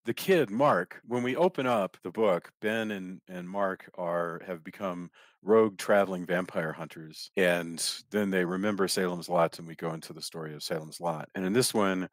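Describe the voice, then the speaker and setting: Low-voiced man rambling through a film chat. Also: normal speed, no room sound, clean studio sound. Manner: rambling, restarts and repeats words. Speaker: podcast host. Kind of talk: casual film discussion.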